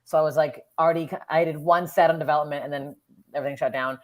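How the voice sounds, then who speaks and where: A woman's voice: sits low, racing. A Canadian woman in her thirties, a comedian telling blunt, profane stories as a podcast guest. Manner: profane, blunt, animated storytelling. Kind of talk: casual podcast storytelling.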